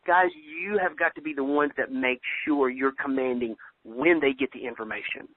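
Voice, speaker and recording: Energetic man training over a phone line. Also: moderate pace, few pauses, no room sound. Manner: energetic, preachy, acts out sample phone pitches. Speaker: sales trainer. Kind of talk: motivational training call.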